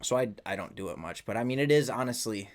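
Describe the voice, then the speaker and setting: A man's voice: mid-range voice, expressive, quick pace. A man co-hosting a podcast in casual chat, candid and self-deprecating about his anxieties. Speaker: podcast co-host.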